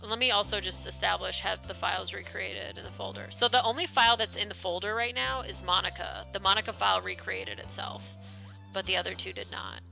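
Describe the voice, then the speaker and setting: A woman's voice: mid-range voice, a little fast, creaky, sharp tone, soft background music. A woman streaming a game, chatting casually, reading game text aloud and swearing now and then. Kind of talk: casual live-stream commentary.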